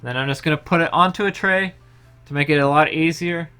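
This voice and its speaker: A young man in his home kitchen, calmly explaining each step of a pie recipe in a casual tutorial. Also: a little high, fairly quick, clean tone, faint music behind. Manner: relaxed step-by-step explaining, trailing off softly. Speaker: home baker.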